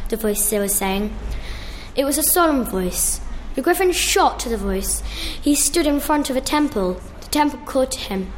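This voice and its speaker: A woman reading a storybook tale aloud, slowly and carefully, with small restarts. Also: sits high, animated, slight background noise.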